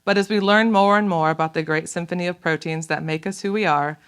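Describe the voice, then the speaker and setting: A woman author and scientist speaking at a public lecture. She talks in a measured, earnest way with thoughtful pauses, and reads aloud from her book. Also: lowish voice, fairly even intonation, smooth. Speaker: author and scientist giving a talk.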